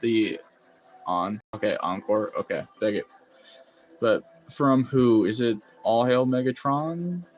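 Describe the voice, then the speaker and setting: A man's voice: fairly low pitch, sing-song, measured pace, muffled recording. A man chatting casually on a live stream, rambling and laughing often as he reacts to chat. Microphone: phone.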